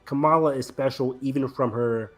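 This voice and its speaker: A man's voice: medium pitch, steady tone, moderate pace, soft background music. A man hosting a casual podcast chat, talking eagerly with many fillers. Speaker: podcast host.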